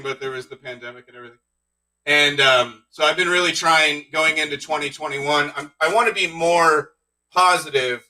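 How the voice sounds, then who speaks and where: A man doing a stand-up comedy set, telling deadpan one-liners with awkward asides. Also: on the high side, recorded from a distance, low-quality recording. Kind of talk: stand-up set streamed live.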